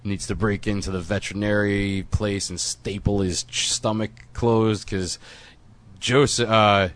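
Guy hosting a movie podcast, low voice but bright and punchy, laughs a ton. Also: unhurried, no room sound. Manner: animated, laughs often, slips into goofy impressions. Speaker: podcast co-host. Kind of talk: casual movie discussion.

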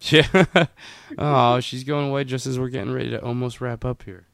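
Guy riffing sarcastically on a movie, cussing and laughing, smooth clear voice, super dry sound. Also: medium pitch, fairly even intonation, normal speed, a bit bright, no room sound. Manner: joking and sarcastic, laughs often, swears casually. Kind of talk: casual chat reviewing a movie.

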